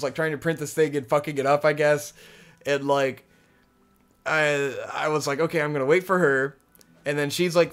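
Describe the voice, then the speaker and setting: A young man casually telling a long story on a podcast, rambling and swearing, with a lot of "like" fillers. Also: on the high side. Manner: rambling, profane, lots of "like" fillers. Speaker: podcast co-host.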